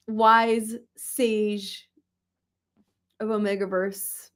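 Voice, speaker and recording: A woman hosting a relaxed reading livestream, chatting casually with viewers, laughing often and talking softly to her cat. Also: medium pitch, unhurried, pauses often. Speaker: livestream host. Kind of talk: casual chat.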